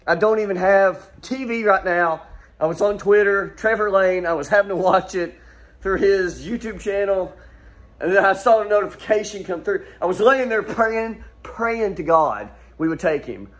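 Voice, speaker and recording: Wildly excited man, high voice. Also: moderate pace. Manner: overexcited, repeating exclamations. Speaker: sports fan vlogger. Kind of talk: excited reaction video.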